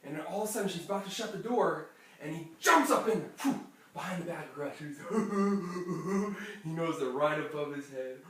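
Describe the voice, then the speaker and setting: A storyteller improvising a lively bedtime story for a child, laughing often and acting out sound effects. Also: medium pitch, normal speed. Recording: echoey room, distant mic, faint noise.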